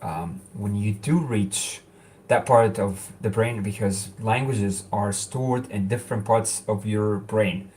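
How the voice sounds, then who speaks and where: A young man whose first language is Arabic, talking casually to the camera in a rambling vlog style full of fillers and restarts. His voice sits fairly low, with faint noise in the background. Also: slow pace, darkish tone. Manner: rambling, lots of fillers and restarts, laughs often. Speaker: language-learning vlogger.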